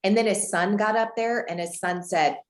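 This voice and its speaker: A woman from Houston, Texas, coaching a group on a video call, animated and acting out dialogue with big pitch jumps. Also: normal speed. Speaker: guest real estate coach. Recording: roomy echo.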